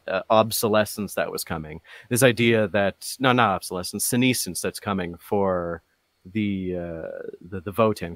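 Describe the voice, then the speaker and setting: A man chatting casually about his hobby, rambling with many fillers and restarts, getting animated as he goes. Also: lowish voice, dry recording. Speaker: podcast guest. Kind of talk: casual chat.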